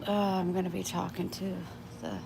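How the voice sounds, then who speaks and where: A woman's voice: fairly low pitch, level tone, moderate pace, creaky, background noise. A woman vlogging live in casual chat, chatty and plainspoken, talking into a phone outdoors near her home. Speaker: vlogger livestreaming.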